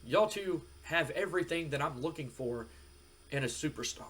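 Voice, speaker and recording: A man voicing a scheming older male wrestling boss who makes placating promises, with a husky voice. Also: on the high side, animated, normal speed, fairly bright tone.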